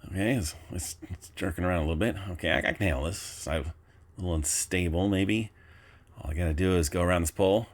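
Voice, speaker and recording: A man's voice: low voice, fast talker. A man giving live, frustrated self-talk as he flies a drone, exclaiming often. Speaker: drone hobbyist vlogger. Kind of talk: live commentary while flying.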